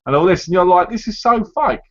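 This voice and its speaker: Animated and fairly quick, a high-voiced man hosts a casual live stream chat, chatting away and performing other people's lines as he goes. The recording is dull lo-fi stream audio.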